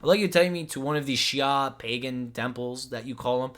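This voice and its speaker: A man's voice: medium pitch, a little fast, fairly bright tone. A man from the United States giving heated, argumentative reaction commentary, exasperated and sarcastic.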